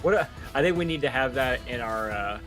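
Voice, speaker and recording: A man's voice: mid-range voice, lively intonation, fairly quick, over music. Chatty man co-hosting a game stream. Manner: joking, chatty, reads chat aloud. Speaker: streamer co-host. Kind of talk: casual stream chat.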